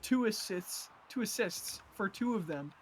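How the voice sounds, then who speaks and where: A man's voice: high voice, lively intonation, unhurried, husky. A man giving live esports color commentary, analytical and explaining plays with frequent fillers and restarts.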